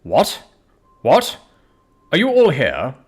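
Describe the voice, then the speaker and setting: A man's voice: mid-range voice, wildly swooping pitch, a little slow, gravelly, fairly bright tone, heavily acted. A man voicing a stern, peevish middle-aged male lawyer who talks in a clipped way.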